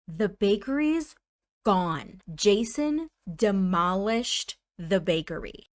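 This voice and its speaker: A woman's voice: medium pitch, slow, no room sound. A woman hosting a let's play, narrating her game in a chatty way with dramatic exclamations. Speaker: gaming channel host.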